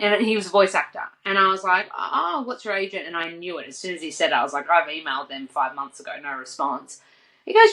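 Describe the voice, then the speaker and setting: An Australian woman on a podcast as a guest, telling lively stories full of "like" and acted-out quotes. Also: medium pitch, a little fast, rough recording. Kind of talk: casual interview storytelling.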